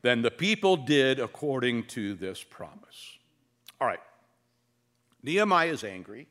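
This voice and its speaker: A man preaching as pastor, teaching verse by verse with wry humor and dramatic pauses. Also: medium pitch, very animated, fairly bright tone. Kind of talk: expository sermon.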